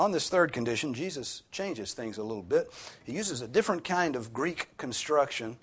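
A man's voice: a little high, husky. A man preaching a sermon as pastor, earnest and rising sharply for emphasis on key points.

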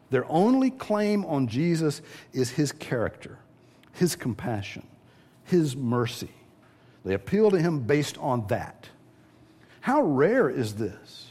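A man's voice: mid-range voice, darkish tone, breathy edge. A man preaching a sermon, teaching verse by verse and briefly acting out the voices of the people he describes. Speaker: pastor.

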